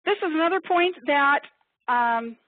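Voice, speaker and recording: Woman, webinar presenter, fast and self-deprecating, somewhat high pitch, thin phone-line sound. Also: expressive, no room sound. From upstate New York. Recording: tinny phone-like webinar audio.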